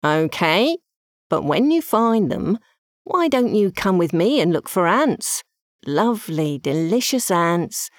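A woman doing a slow drawling anteater. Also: on the low side, sing-song, dry recording, clean studio sound. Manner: drawling, muttering. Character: slow greedy male anteater.

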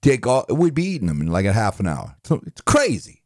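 A man impersonating a gentle, dim-witted middle-aged boxer who mumbles and rambles with halting, self-mocking speech. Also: medium pitch, wildly swooping pitch, dry recording, studio quality. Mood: rambling. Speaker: impressionist. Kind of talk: comedic impression monologue.

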